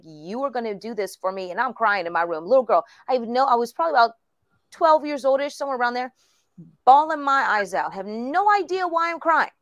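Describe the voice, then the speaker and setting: A woman's voice: on the high side, no echo, studio quality. A woman apostle hosting a ministry talk, telling stories with animation and frequent laughter. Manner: animated storytelling, laughs often. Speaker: host, apostle. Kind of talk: casual ministry discussion.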